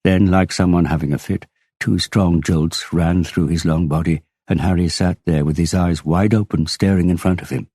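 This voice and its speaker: A man narrating a crime novel audiobook in a measured, unhurried reading. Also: sits low, fairly even intonation, mellow, husky, dry recording, clean studio sound. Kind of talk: scripted narration.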